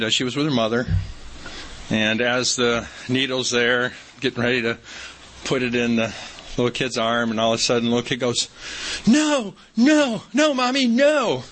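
Bright-voiced folksy male preacher. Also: mid-range voice, slight background noise, low-quality recording. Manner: folksy storytelling with emphatic repetition. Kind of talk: sermon.

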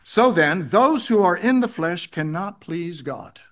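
A man's voice: sits high, expressive, measured pace, a bit bright. A man preaching a sermon, reading scripture aloud and repeating key phrases for emphasis. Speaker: pastor.

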